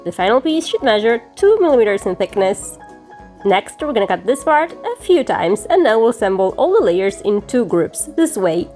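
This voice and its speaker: A woman hosting a crafting channel, giving friendly, clear step-by-step instructions in a scripted tutorial voice-over. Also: a little high, sing-song, moderate pace, a little mellow, soft background music.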